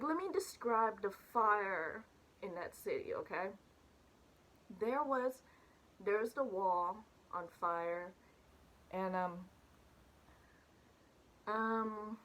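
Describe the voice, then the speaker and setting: A woman casually recounting a dream to viewers, animated and chatty, with many fillers and restarts. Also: on the high side. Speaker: church video speaker. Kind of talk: casual testimony about a dream.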